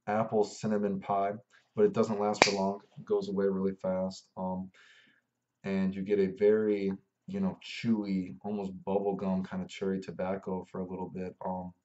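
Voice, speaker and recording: Man, lowish voice, mellow tone, casual rambling review, dull lo-fi recording. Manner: rambling, laid-back and descriptive. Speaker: fragrance reviewer.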